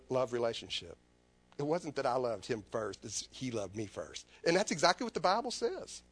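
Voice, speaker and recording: A man's voice: a little high, dry recording. A man preaching a sermon as a personal testimony, earnest and confessional, often repeating his phrases.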